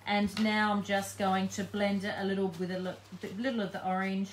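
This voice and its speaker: A woman's voice: medium pitch, flat delivery, a little fast, slight background noise. A woman giving a live painting tutorial, chatting casually and thinking aloud as she works. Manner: chatty, thinking aloud while working, frequent ums. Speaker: craft demonstrator.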